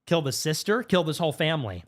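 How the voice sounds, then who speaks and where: A man as a podcast guest, recounting a story in a fast, animated way with sudden pitch jumps. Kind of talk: casual storytelling interview. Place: podcast studio.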